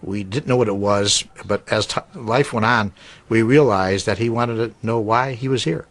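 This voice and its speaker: A man interviewed for a documentary, recalling the past in a halting, reflective way. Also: fairly low pitch, fairly bright tone, no room sound.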